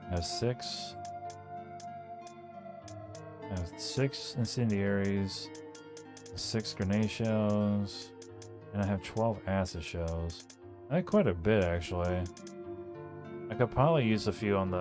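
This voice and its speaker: Over music, a young man with a lowish voice talks at a measured pace, pausing often. He's streaming a horror game and, despite a sore throat, rambles casually to viewers and to himself with many fillers in typical live-stream commentary.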